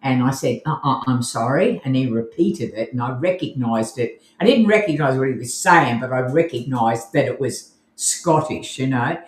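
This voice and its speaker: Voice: mid-range voice, lively intonation, moderate pace, hardly any pauses. A podcast co-host with an Australian accent, chatting casually and enthusiastically on a live show and laughing easily. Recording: roomy echo.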